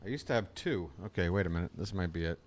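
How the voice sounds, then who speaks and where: A man's voice: sits low, animated, quick pace. A man doing casual live-stream baseball commentary, rambling and crude, talking to himself between plays.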